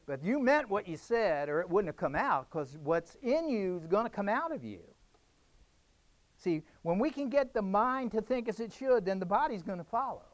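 A man's voice: high-pitched, very animated, moderate pace, dry recording. A man preaching a sermon, emphatic and direct, repeating phrases for effect. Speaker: pastor.

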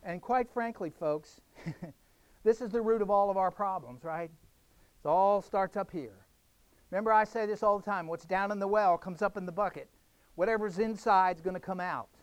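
A man's voice: high voice, normal speed, clear, resonant tone, dry recording. Emphatic preaching man, dry sound. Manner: emphatic preaching with repeated phrases. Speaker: pastor. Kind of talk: sermon.

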